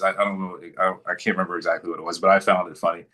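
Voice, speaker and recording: A man's voice: low-pitched, flat delivery, racing, few pauses, pushed and bright. A man talking as a guest in a casual interview, telling stories in a laid-back, good-humored way.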